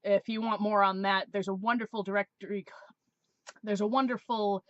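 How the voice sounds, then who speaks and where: A woman's voice: mid-range voice, fairly even intonation, moderate pace, dry recording, highs cut off. A woman in her twenties, a vlogger telling a story in a sarcastic, exasperated way. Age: 20s. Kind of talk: casual storytelling review.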